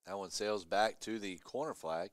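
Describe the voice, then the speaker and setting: A man giving live play-by-play commentary on a college lacrosse game, chatty between plays and excited on big ones. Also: on the low side, moderate pace, no echo. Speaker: play-by-play announcer.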